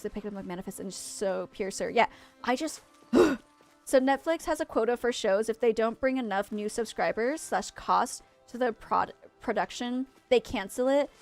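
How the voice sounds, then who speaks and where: A young woman from Maine chats away with her viewers while she plays. Her voice sits high, and she rambles eagerly from one thing to the next, often losing her train of thought. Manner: chatty, excitable, easily distracted, rambling. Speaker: game streamer. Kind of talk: casual livestream chat with viewers.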